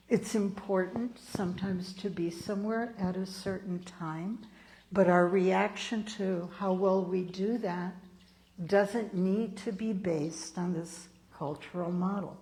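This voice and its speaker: Slow-spoken older woman minister. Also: medium pitch, steady tone, darkish tone, poor audio. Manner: slow, storytelling, acts out quoted people. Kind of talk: sermon with personal stories. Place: church sanctuary.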